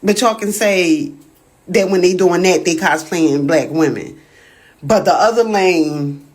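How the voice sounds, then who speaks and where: A woman giving casual commentary, her voice leaping up as she poses questions. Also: deep voice.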